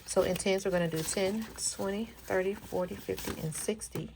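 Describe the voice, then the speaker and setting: A woman's voice: mid-range voice, expressive, normal speed, creaky, hardly any pauses, noisy background. A woman, chatting casually as she counts cash into envelopes in a budgeting vlog and talking straight to her viewers. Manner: chatty, counts bills aloud, addresses viewers as y'all. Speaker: budgeting vlogger.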